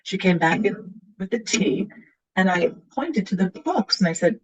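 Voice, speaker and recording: A middle-aged woman shares her personal story as a guest author, husky and a little breathy. She acts out the people in her story, and the recording sounds muffled and lo-fi. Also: mid-range voice, normal speed. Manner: animated, acts out quoted voices.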